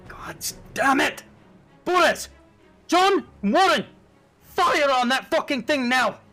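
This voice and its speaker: A man's voice: very high voice, lively intonation, takes it slowly, bright, forceful tone, faint music behind, voice pushed up, heavily acted. A man voicing a fierce ship captain who barks orders and swears at his crew during battle. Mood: urgent. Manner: barking, cursing orders.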